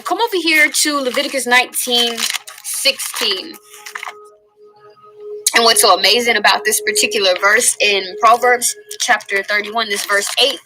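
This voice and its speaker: A woman teaching from the Bible in a casual, earnest way, slowly stressing key phrases. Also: fairly high pitch, rough recording. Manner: earnest, conversational, drawn-out emphasis on key phrases.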